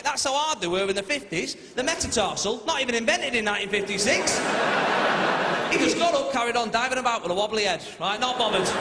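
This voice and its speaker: Mancunian stand-up comic, high voice. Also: male voice, heavy background noise. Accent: Manchester. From Manchester, England. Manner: chatty, quick asides to the crowd. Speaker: stand-up comedian. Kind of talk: stand-up comedy set. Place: large theatre stage with a laughing audience. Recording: echoey theatre, loud crowd laughter.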